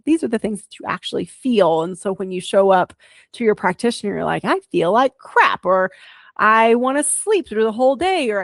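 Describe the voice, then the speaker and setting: Gravelly-voiced woman explaining science. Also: mid-range voice, dry recording, clean studio sound. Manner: explains science plainly, with casual asides. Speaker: podcast host. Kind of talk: educational solo talk.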